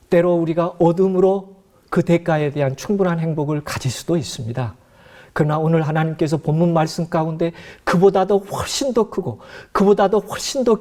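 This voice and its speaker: A pastor preaching a sermon, speaking earnestly and addressing the congregation directly. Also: male voice, on the high side, dark tone.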